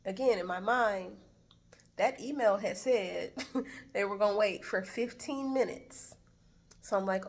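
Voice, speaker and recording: Animated woman telling a travel story. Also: medium pitch. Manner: animated retelling, acts out quoted exchanges. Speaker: travel vlogger. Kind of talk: casual storytelling.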